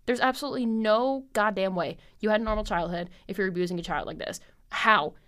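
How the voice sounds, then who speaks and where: Smooth-voiced young woman rambling casually. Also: mid-range voice, a little fast, fairly bright tone. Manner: chatty and scattered, heavy with fillers and frequent laughs. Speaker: podcast host.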